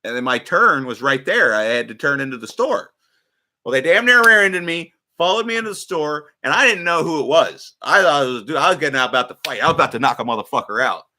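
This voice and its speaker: A man hosts a livestream, recounting a run-in in loose, profanity-laced storytelling. His voice sits somewhat high and sounds bright and forceful. He talks animatedly and acts out the other people in the story. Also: lively intonation, quick pace, a little hiss or hum. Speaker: livestream host.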